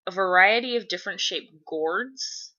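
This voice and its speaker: The sound is lo-fi, and her mid-range voice moves at a moderate pace. In a casual vlog, this young woman recounts a story from her childhood and takes viewer questions, cursing liberally and performing the voices of the people in her tale with lots of animation.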